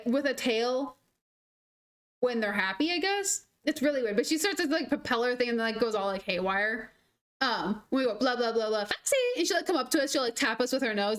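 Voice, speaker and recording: Young woman streamer, slightly high-pitched, rambles through anecdotes in casual, animated chat. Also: brisk. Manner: rambling, animated storytelling full of "like". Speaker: gaming streamer. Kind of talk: casual chat while gaming.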